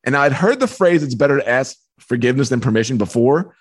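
A man, a book author and podcast guest, telling a personal story in a lively way. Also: mid-range voice, fast talker. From New York. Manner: lively, acts out voices in anecdotes. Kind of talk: animated storytelling.

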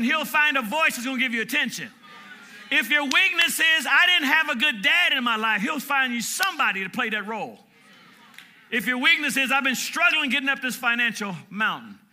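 A man in his fifties preaching a sermon from Michigan, shouting call-and-response lines and chanting repeated words. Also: high-pitched. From Michigan, USA. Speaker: pastor.

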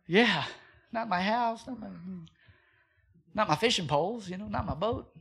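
Man, pastor, sermon, high-pitched voice, animated delivery, rhetorical questions. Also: normal speed, creaky, slightly rough. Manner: animated preaching with rhetorical questions and acted quotes.

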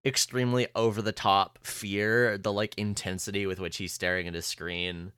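A man co-hosting a podcast in casual chat, musing slowly with many fillers and restarts. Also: on the low side, flat delivery, bright, forceful tone, clear, resonant tone, no room sound, studio quality. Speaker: podcast co-host.

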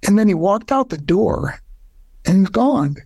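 Older guy telling a personal story, earnest, gets high and emotional, gravelly, dry sound. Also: very animated, measured pace, darkish tone, no room sound. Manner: earnest, voice rising high when moved. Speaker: guest.

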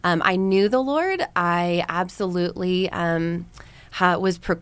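A woman's voice: lowish voice, measured pace, clean tone, no room sound. A woman in her thirties from the United States, a podcast guest telling her personal story with candid, reflective earnestness and frequent ums and likes.

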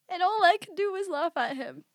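A woman's voice: extremely high pitch, no echo, studio quality. A young woman co-hosting a podcast in casual chat, blunt, swearing freely and laughing a lot. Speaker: podcast co-host.

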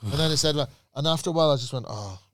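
A man, a comedian, telling a road story in casual chat, animated and swearing freely, shrieking when he quotes himself. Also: a little high, rapid-fire, dry recording, studio quality.

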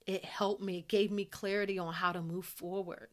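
A woman's voice: medium pitch, flat delivery, moderate pace, hardly any pauses. Earnest woman giving a devotional talk. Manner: earnest, repeats phrases for emphasis. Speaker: podcast host. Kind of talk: devotional podcast teaching.

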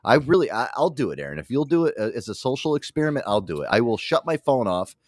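A man's voice: medium pitch, big pitch swings, fast talker, no echo, studio quality. A man hosting a podcast, chatting casually and telling profane, joking stories. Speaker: podcast host. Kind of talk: casual chat.

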